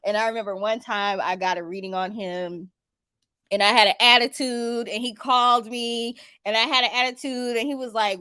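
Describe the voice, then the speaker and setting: Woman vlogger spinning a chatty personal story, animated, close and dry. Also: fairly high pitch, normal speed, clean tone, no echo. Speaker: spiritual vlogger. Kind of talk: casual storytelling.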